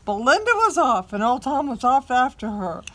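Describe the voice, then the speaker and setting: A woman reading a picture book aloud to a small child, expressive and coaxing the child to join in. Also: high-pitched, moderate pace.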